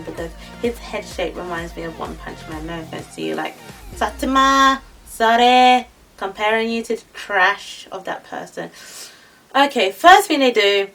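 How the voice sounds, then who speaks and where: A young woman ranting in a casual vlog, exasperated and animated. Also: medium pitch, far from the mic, poor audio. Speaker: vlogger.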